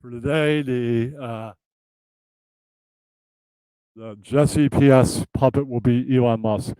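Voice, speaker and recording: Man with a dark, dry voice. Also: mid-range voice, fairly even intonation, slow pace, pauses often, clean tone, dry recording, poor audio. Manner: switches between silly voices and plain talk. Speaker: puppet show host. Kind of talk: improvised puppet comedy.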